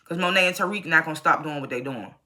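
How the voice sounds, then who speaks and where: Young adult TV reviewer, bright forceful voice, blunt and profane, ranting casual recap. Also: medium pitch, fast. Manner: animated, rising to loud rants. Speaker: TV show reviewer.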